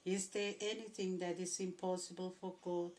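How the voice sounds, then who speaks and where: A woman reads scripture aloud at a steady pace, her voice a touch low and held to a narrow, level pitch. She pauses now and then to clear her throat. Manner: steady, even reading with occasional throat clearing. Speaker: scripture reader. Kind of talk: Bible reading.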